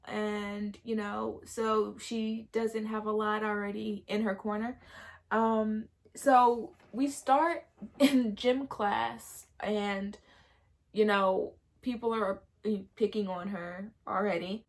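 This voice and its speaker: Young woman doing a casual movie review vlog, chatty and animated, voice a bit on the high side. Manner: chatty, animated retelling with many fillers. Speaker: vlogger.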